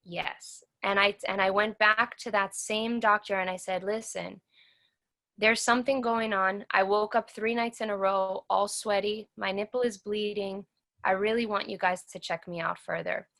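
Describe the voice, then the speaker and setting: A woman's voice: medium pitch, steady tone, moderate pace, creaky, a bit bright. A woman in her thirties, a guest in an interview, telling her own story earnestly and acting out what others said to her. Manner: earnest, acts out the dialogue of others.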